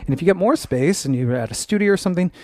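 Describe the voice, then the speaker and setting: Male dance instructor, slightly high, dry sound, upbeat, talks while dancing at home. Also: expressive, rapid-fire, a little mellow, dry recording. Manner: upbeat, counts steps aloud and scats rhythms. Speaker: dance teacher.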